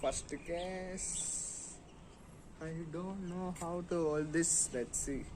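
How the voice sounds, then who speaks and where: Slow, chatty Indian English man unboxing. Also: a little high, noisy background. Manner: slow and chatty, humming and making sound effects. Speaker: vlogger. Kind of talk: casual unboxing vlog.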